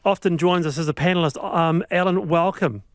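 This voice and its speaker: A man with a New Zealand accent hosting a live radio show, often halting and restarting. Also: a little high, dry recording. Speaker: radio host. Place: radio studio.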